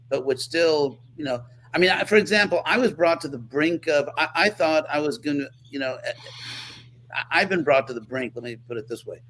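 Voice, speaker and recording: A man's voice: a little high, a bit bright, a little hiss or hum, low-quality recording. A man speaking as an interview guest, earnest and reflective, restarting his sentences often as he searches for words.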